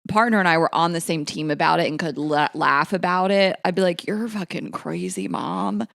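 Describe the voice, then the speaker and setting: A woman's voice: sits low, a little fast, fairly bright tone, dry recording, studio quality. A woman co-hosting a podcast, chatting casually, laughing often and swearing freely. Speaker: podcast co-host. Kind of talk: casual chat.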